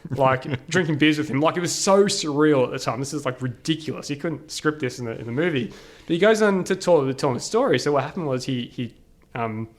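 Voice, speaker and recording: With a somewhat high voice, an Australian podcast guest recounts a trip in a lively, laid-back way. His story is packed with "like" and brief impressions of what people said.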